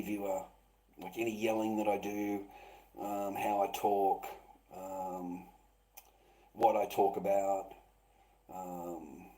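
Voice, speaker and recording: A middle-aged Australian man rambles through a livestream monologue, swearing often, repeating himself and restarting his sentences with stammers. His voice is on the low side and mellow, and the recording is rough.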